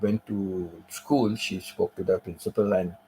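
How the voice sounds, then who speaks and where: A man on a live stream telling a personal story in a casual, emotional way, repeating phrases and filling pauses with "you know.". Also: low-pitched, fairly even intonation, warm tone, a little hiss or hum, rough recording.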